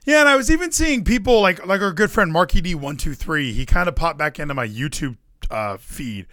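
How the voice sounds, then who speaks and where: A man co-hosting a casual wrestling podcast, rambling and excitable, with the odd swear. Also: fairly high pitch, fairly quick, no echo, clean studio sound. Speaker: podcast co-host.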